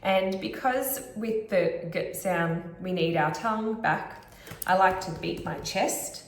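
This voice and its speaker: A woman speech pathologist, explaining therapy techniques clearly and demonstrating sounds. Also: on the low side, slow, roomy sound. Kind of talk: instructional explanation to camera.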